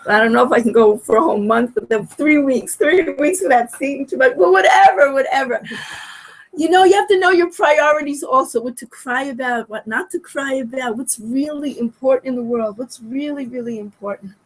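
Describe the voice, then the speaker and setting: A woman in her sixties giving a heartfelt storytelling talk at a memorial gathering, emotional, repeating phrases and swinging from soft to loud. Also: high-pitched, a little fast. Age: 60s.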